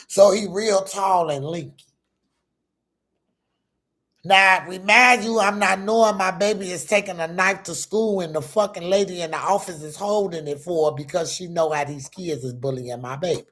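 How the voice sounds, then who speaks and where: A woman's voice: on the low side, normal speed, a bit bright. A middle-aged woman telling a personal story to her viewers in an emphatic, profane, casual way, often calling out to them directly.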